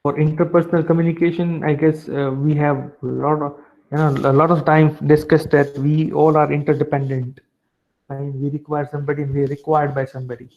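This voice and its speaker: A man's voice: a little high, flat delivery, brisk. A man giving a revision lecture to a class, chatty and full of tag questions and fillers. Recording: dull lo-fi sound.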